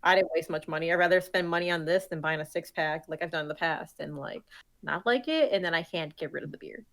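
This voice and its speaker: A woman's voice: sits low, quick pace, a bit bright. A young woman co-hosting a podcast, chatting in a laid-back way, swearing casually and laughing between lines. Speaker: podcast co-host. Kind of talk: casual chat.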